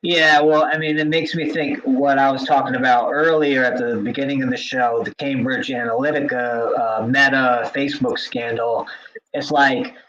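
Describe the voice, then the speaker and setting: A man in a casual podcast conversation, a drum teacher talking in a loose way full of fillers and restarts. His voice sits at an ordinary middle pitch. The recording sounds slightly muffled and lo-fi. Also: fairly even intonation, moderate pace, a bit bright. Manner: chatty, many filler likes and restarts. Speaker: podcast co-host.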